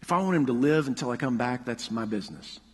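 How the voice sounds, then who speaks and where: Brief: preacher playing a quiet, firm teacher, husky, long hall reverb. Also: male voice, mid-range voice, animated, fast talker, pitched below the performer's own voice. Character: calm, firm male teacher.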